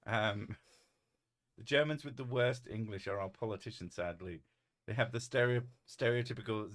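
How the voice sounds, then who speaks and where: A man's voice: mid-range voice, big pitch swings, slow pace, pauses often. A man reading chat aloud on a casual livestream, laughing often and swearing freely. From United Kingdom.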